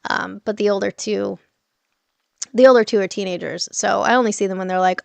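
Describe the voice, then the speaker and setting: A woman's voice: mid-range voice, steady tone, fairly quick, gravelly, darkish tone, clear, resonant tone, no echo, highs cut off. A middle-aged woman hosting a casual livestream, chatting loosely, swearing freely, laughing often and answering viewer comments. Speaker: livestream host.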